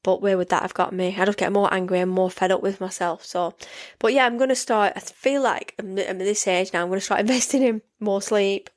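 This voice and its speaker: A woman's voice: mid-range voice, brisk. A woman in her forties, hosting a casual solo podcast, chatting in a rambling way with many restarts, sleepy and yawning. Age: 40s. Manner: rambling, chatty, frequent restarts and "yeah" fillers. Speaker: podcast host.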